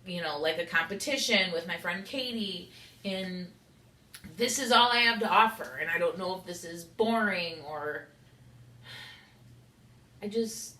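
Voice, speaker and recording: A woman's voice: lowish voice, unhurried, long pauses, pushed and bright. A young woman rambling candidly in an unedited confessional vlog, saying "like" a lot. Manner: rambling, candid, heavy use of "like". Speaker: vlogger. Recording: echoey room.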